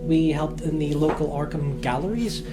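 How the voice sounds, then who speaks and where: A man's voice: a little high, moderate pace, loud music behind the voice, close to an everyday voice. A man voicing a grieving male 1930s lawyer who is polite and rambling but turns furious. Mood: shaken.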